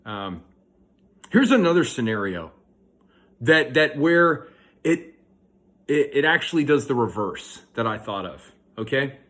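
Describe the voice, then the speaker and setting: A man's voice: mid-range voice, very animated, unhurried, pauses often, fairly bright tone. A young man telling a rambling, self-correcting story in a casual monologue, filmed outdoors at a park. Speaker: vlogger.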